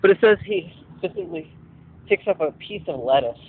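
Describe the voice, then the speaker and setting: A man's voice: high voice, lively intonation, fairly quick, breathy edge. A young man rambling while walking outdoors, thinking aloud with lots of fillers, recording a vlog on his phone. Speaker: vlogger. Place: outdoors walking along a street. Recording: tinny phone-like audio with noise.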